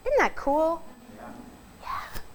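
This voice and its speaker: A woman pastor preaching a sermon, telling stories in an earnest way and slowing down for emphasis. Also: very high-pitched, big pitch swings, a little hiss or hum, low-quality recording. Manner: storytelling, earnest, slows for emphasis.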